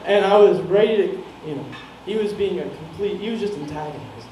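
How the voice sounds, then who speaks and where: High-voiced young man telling a rambling story. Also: expressive, quick pace, mellow. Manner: rambling, profane, laughing at his own story. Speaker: stand-up comedian. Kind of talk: stand-up storytelling. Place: small comedy venue. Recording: echoey room, mic heard from far off, some noise.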